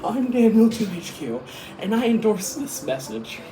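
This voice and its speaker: A man's voice: high-pitched, big pitch swings, moderate pace, reverberant, noisy background. A young man vlogging at home, rambling with silly jokes and frequent giggles. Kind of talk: goofy casual vlog. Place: home during a storm.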